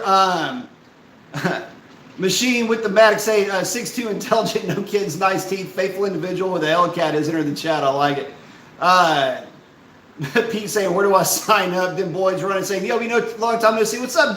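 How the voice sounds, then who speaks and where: A man hosting a casual live stream, ranting in an animated, profane, exasperated way and reading out chat messages. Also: high-pitched, echoey room, slight background noise, rough recording.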